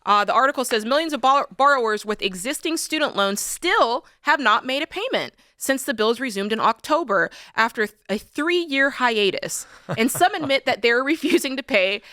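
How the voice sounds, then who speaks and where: A woman in her thirties co-hosting a talk show, animated and emphatic, often saying "like" and "listen". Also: high-pitched, normal speed, few pauses, no echo, studio quality. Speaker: co-host. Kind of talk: casual talk show chat. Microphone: studio microphone.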